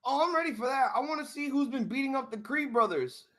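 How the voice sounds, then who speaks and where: A man hosting a live wrestling reaction stream, ranting angrily and swearing, swinging from muttering to shouting. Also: very high-pitched, expressive, fast. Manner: angry, profane ranting.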